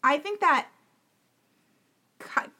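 Opinionated woman with a high voice. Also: extremely slow, pushed and bright. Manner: opinionated, emphatic, talks over the other host. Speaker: podcast co-host. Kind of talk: casual reality-TV recap chat.

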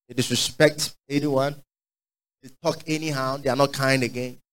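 A man preaching a sermon, fervent and call-and-response, swinging from shouts to quiet asides. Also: mid-range voice, fairly even intonation, moderate pace, rough recording.

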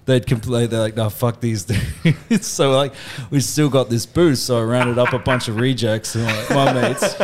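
A man's voice: medium pitch, fairly even intonation, moderate pace, few pauses. A young Australian man hosting a podcast, telling a story to his mates with lots of laughing and swearing. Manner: laughing, swearing, rowdy banter. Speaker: podcast host.

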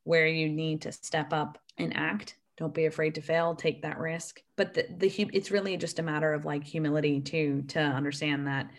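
Woman, thirties, American accent, low voice, chatty storyteller, podcast guest. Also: fairly even intonation, normal speed, hardly any pauses. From grew up in the UK. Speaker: Air Force intelligence officer, guest. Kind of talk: casual podcast interview.

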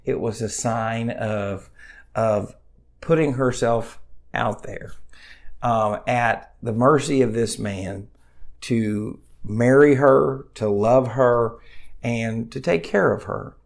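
A male pastor giving a livestreamed sermon, talking in an earnest, conversational way with many fillers, and reading scripture aloud in a louder voice. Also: medium pitch, slow pace, gravelly. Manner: reads scripture aloud louder and more animated.

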